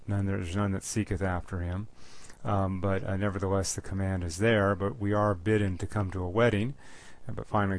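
Earnest male Bible teacher, lowish voice, plain delivery, reads verses slowly. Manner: plain, earnest, with frequent restarts and repeated words; reads scripture slowly and deliberately.

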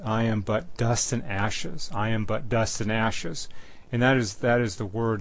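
A man preaching a sermon and teaching from the Bible, speaking in a measured, repetitive way with frequent restarts. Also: lowish voice, slight background noise.

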